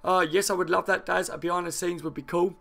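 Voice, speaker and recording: A man hosting a football fan channel, chatting fast and excitedly and answering viewer comments with frequent laughs. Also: sits high, vocal fry. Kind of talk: live fan chat reacting to viewer comments.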